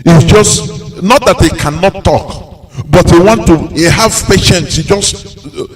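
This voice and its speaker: Nigerian male radio presenter, high-pitched, preachy talk, mimics quoted voices. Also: measured pace, poor audio. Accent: Nigerian English. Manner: preachy, acts out quoted voices, laughs often. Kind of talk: live radio talk commentary.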